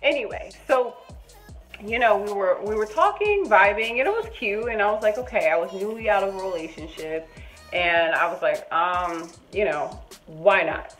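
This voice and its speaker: A young adult woman vlogging a casual storytime, animated and chatty, jumping between loud high bursts and quiet muttered asides. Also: normal speed, soft background music, rough recording.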